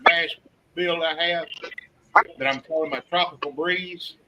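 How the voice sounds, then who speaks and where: A man's voice: a little high, fairly even intonation, a little slow, muffled recording, heavy background noise. A man cracking crude jokes on a casual livestream chat. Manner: crude wisecracks.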